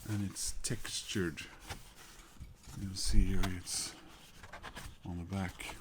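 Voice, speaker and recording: Slow, hesitant man. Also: deep voice, flat delivery, noisy background. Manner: hesitant, many fillers and restarts, chuckles. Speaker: record collector vlogger. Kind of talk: casual record haul chat.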